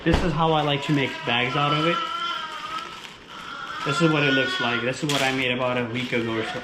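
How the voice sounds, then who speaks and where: A man's voice: mid-range voice, steady tone, brisk, long pauses. Chatty man in an echoey kitchen. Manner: chatty, informal, explains step by step. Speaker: dog owner and trainer. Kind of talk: casual home cooking vlog. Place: home kitchen. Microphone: camera held by a helper. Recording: echoey room with background noise.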